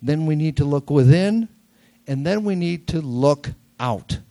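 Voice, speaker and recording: A man's voice: a little high, animated, a little slow, dark tone. Older man preaching in a nasal voice. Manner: conversational, jokey, repeats key words for emphasis. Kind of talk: sermon. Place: church sanctuary.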